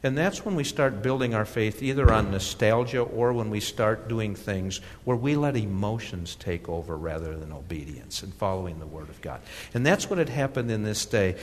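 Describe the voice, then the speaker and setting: A middle-aged pastor from Minnesota preaches a sermon in a mid-range voice with a big-room sound. He tells a personal story, laughing and restarting, before reading scripture.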